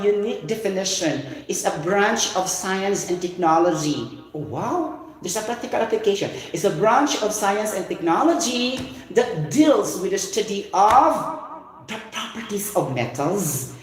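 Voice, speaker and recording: Chatty Filipino man lecturing, echoey. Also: high voice. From Philippines. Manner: animated, chatty, repeats "you know" and "okay". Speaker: online science instructor. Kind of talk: informal lecture. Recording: very echoey room.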